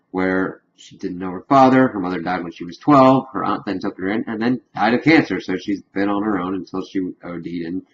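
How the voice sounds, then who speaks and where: Casting: man with a lowish voice, rambling casual recap of a show, muffled lo-fi sound. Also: a little hiss or hum. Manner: rambling retelling full of "of course" and "kind of". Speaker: TV episode reviewer.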